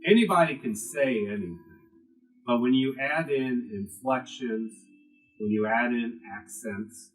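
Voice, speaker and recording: A man's voice: mid-range voice, measured pace, soft background music, poor audio. A man teaching a class to a live audience, talking with strongly varied emphasis and casual asides.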